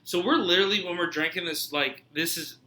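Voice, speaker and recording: A male podcast host chatting casually, rambling from one joke to the next and swearing as he goes. His voice has a very bright edge. It rings in an echoey room. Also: high-pitched, fairly quick. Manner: rambling storyteller, swearing, jokey.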